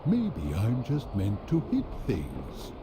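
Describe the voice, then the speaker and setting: A stoic, stone-bodied earthen male from a fantasy game, speaking low and unhurried with wide swings in his pitch. The line comes through faint from game audio, over a noisy hiss. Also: huge pitch swings, full character voice. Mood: calm.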